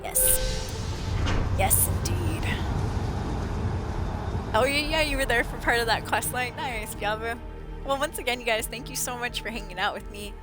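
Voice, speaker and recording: Hoarse-voiced woman streamer. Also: fairly high pitch, normal speed, pauses often. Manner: chatty, excitable, talks to chat. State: losing her voice. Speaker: livestreamer. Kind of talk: casual gameplay commentary. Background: game music.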